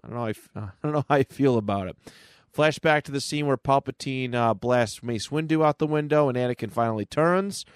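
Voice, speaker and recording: A man's voice: mid-range voice, fairly quick, clean tone, dry recording. A man co-hosting a podcast, recapping a comic book in a casual, rambling way on a close mic. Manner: casual, with frequent fillers and restarts. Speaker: podcast co-host.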